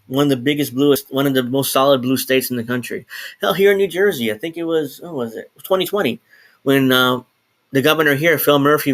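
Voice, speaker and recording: A man's voice: mid-range voice, fairly bright tone. A man talking off the cuff on a solo live stream at home, rambling, restarting sentences and swearing now and then. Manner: rambling, self-interrupting, swears and laughs. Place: home, in New Jersey.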